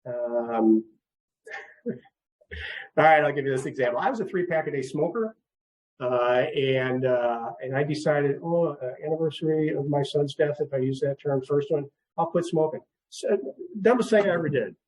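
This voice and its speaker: Soft-toned gentle man giving a talk. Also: a little high, normal speed, poor audio. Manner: gentle, repeats words, chuckles often. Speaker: grief counselor. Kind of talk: seminar talk.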